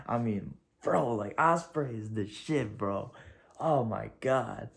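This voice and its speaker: A man reviews a wrestling show on video, casual, excitable and gushing, with free swearing and rambling slang. His voice sits on the low side with vocal fry, and he talks slowly.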